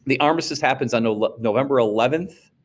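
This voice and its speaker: A man, a social studies teacher, giving a casual classroom lecture, animated and playful, jumping into quick acted-out voices. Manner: animated, acts out quoted voices with big pitch jumps.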